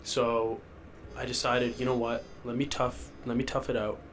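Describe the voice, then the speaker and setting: Flat in delivery and fairly bright in tone, this young adult podcast host speaks at normal speed with a medium pitch. He's sick and sniffling, rambling alone in a rented house's basement in a loopy, self-mocking way, with slight background noise.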